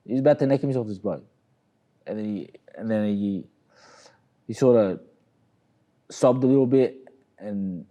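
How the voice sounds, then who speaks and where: A man's voice: lowish voice, a little slow, long pauses, narrow, tinny audio. A middle-aged Australian man telling a long story in a casual, rambling way, often saying "you know what I mean". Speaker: interview guest, boxer.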